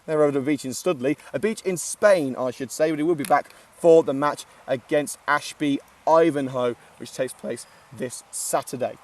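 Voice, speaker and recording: A man's voice: a little high, moderate pace, hardly any pauses, far from the mic. A man giving casual live commentary at an outdoor football ground, chatty and joking with lots of filler "uh"s. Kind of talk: live amateur match commentary.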